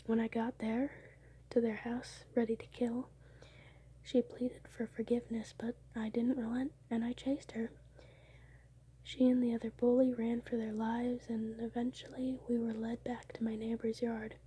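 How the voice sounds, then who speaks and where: A young woman whispering close to the mic at home late at night, telling her dreams in a soft ASMR style and now and then breaking into laughs. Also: on the high side, little pitch movement, normal speed, a little hiss or hum. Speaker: ASMR creator.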